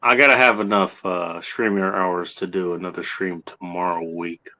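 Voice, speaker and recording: Streamer dude, bright edgy voice, sardonic and cussing, kinda dull lo-fi audio. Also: male voice, deep voice, steady tone, moderate pace. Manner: profane, sardonic. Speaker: streamer host. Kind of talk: casual livestream chat.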